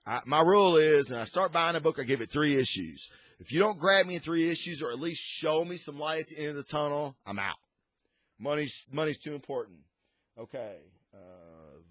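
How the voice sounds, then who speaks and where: A man's voice: fairly high pitch, fairly bright tone, dry recording. A man hosting a casual comic book review, rambling and enthusiastic with frequent restarts.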